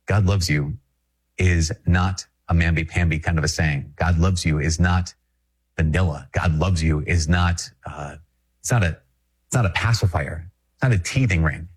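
A Catholic priest from Minnesota giving a conversational, emphatic reflection, repeating phrases and chuckling often. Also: male voice, low-pitched, normal speed, husky. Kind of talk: spoken reflection to an audience.

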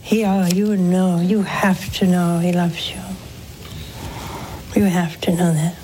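A woman's voice: lowish voice, flat delivery, slow, dark tone, a little hiss or hum, low-quality recording. A woman, a nun hosting a call-in program, preaching earnestly and coaxing her listeners with questions. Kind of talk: preaching and counseling callers.

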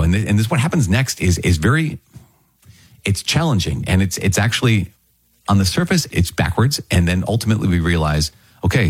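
A man's voice: sits low, husky, no echo. A man giving an earnest, conversational Bible teaching, often repeating words and phrases as he explains the passage. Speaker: preacher. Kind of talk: sermon-style Bible teaching.

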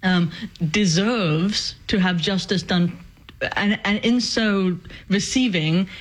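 A woman's voice: mid-range voice, slow pace, poor audio. A woman co-hosting a casual commentary podcast, explaining her view in an earnest, thoughtful way. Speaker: podcast co-host.

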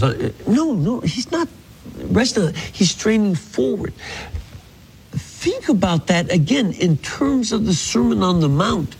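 Slow, husky-voiced man teaching scripture. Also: high-pitched, sing-song, darkish tone, rough recording. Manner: reads verses slowly, then explains them earnestly. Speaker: Bible teacher.

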